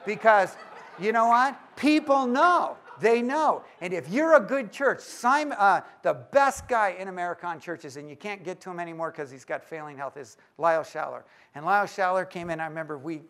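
High-voiced man joking with a crowd. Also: normal speed. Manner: lively and joking, teases the audience. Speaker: speaker at a church leaders' conference. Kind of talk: live talk to an audience.

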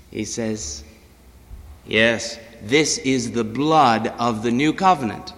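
A man preaching a sermon, swinging between loud declarations and hushed, low-pitched passages. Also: slow, in a large hall.

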